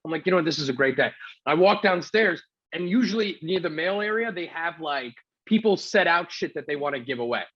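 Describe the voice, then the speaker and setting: A man's voice: a little high, animated, brisk, fairly bright tone, husky. A man from New City, sick with covid, telling a rambling, profane story as a comedy podcast host. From New York City. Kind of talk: casual storytelling chat. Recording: dull lo-fi sound.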